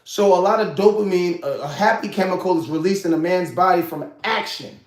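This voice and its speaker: Chatty high-voiced man in his forties. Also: a little fast, echoey room. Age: 40s. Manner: chatty, laughs often, repeats "you know what I'm saying". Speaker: host. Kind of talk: casual talk to camera.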